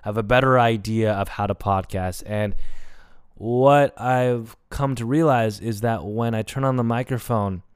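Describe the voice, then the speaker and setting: A man's voice: mid-range voice, a little slow, clear, resonant tone, dry recording, clean studio sound. A young man hosting a solo podcast, talking candidly in a rambling, reflective way and swearing casually. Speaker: podcast host.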